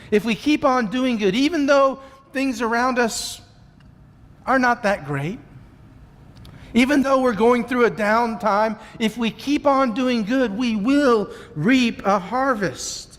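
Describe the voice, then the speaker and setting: Male preacher, high voice, measured and repetitive delivery, long church reverb. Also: lively intonation. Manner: measured, repeats key points, asks the congregation questions. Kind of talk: sermon. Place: church sanctuary.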